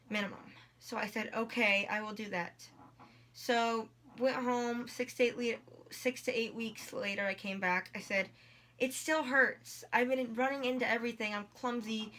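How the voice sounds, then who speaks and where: A teenage girl vlogging her story in a loose, rambling way, full of likes and ums and acting out what others said. Her voice sits a little high and comes out bright and sharp. She is in pain while she talks. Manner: rambling, lots of likes and ums, quotes people in dialogue. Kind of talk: casual personal storytelling.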